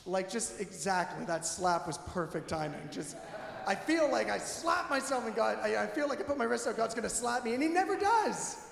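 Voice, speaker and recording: Male pastor, high voice, gravelly edge, animated candid sermon, echoey church hall with long reverb. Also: normal speed. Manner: animated, candid, self-deprecating. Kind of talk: conversational sermon. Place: church sanctuary.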